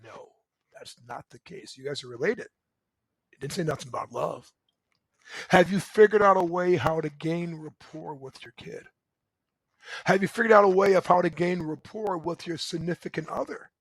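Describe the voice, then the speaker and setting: A middle-aged man speaks in a high, ringing voice, loud and emphatic as he coaches his listeners through a motivational talk. He keeps checking in with a quick "right?", and the sound is dry and close. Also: slightly rough, no room sound, rough recording. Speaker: relationship coach and show host.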